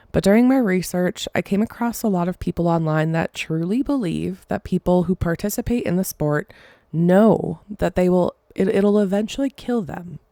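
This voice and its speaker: A woman's voice: on the low side, mellow, no room sound, clean studio sound. A woman hosting a podcast, telling a story casually, often stumbling and apologizing. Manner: halting, apologizes for stumbling over words. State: emotional, choked up. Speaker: podcast host.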